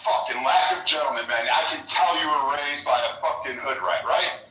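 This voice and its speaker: A man's voice: a little high, moderate pace. A man in a live voice chat delivering an aggressive, mocking, profane insult rant. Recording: echoey, distant, faint music behind.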